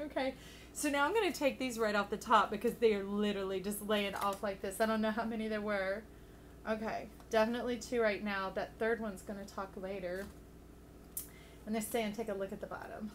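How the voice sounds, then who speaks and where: A woman giving a casual, chatty tarot reading to her viewers, affectionate and quick to laugh. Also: a little high, fairly even intonation, slight background noise. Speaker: tarot reader.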